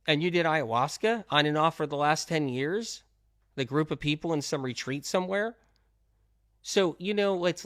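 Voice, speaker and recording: A middle-aged man hosting a health talk in an animated monologue. He is emphatic, repeats himself, fires off rhetorical questions and swings between loud outbursts and low-key talk. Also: dry recording, clean studio sound.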